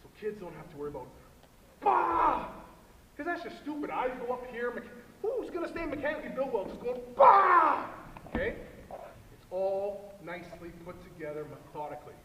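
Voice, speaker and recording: A man's voice: high-pitched, very animated, fast. A man coaching youth football linemen at a clinic, emphatic and repetitive, often checking in with "okay?", recorded from far away in a large indoor hall. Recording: echoey hall, far from mic, noisy.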